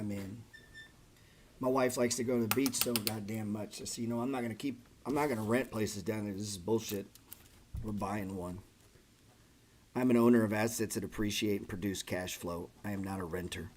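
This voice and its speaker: On a casual trading stream, a middle-aged host talks bluntly, cursing frequently and calling his audience "man" and "bro." His voice sits on the low side with fairly even intonation, a moderate pace, frequent pauses and slight background noise.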